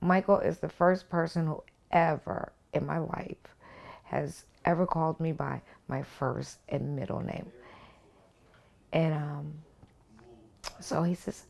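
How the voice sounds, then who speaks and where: A woman's voice: deep voice, fairly even intonation, takes it slowly, gravelly, pauses often, a little mellow. A woman being interviewed at home for a documentary, telling a personal story in an earnest, heartfelt way. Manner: earnest, heartfelt storytelling, sing-song when quoting others.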